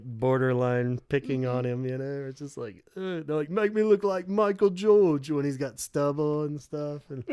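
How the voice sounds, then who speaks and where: A man's voice: mid-range voice, clear, resonant tone, dry recording, studio quality. A man hosting a podcast in casual chat, a rambling storyteller who swears freely and acts out quotes. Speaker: podcast host.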